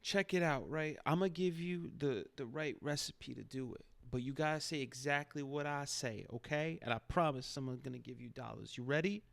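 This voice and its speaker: A man's voice: mid-range voice, moderate pace, vocal fry, hardly any pauses, no room sound, lightly acted. A man voicing a streetwise adult male panhandler who talks in bossy street slang, coaching a newcomer.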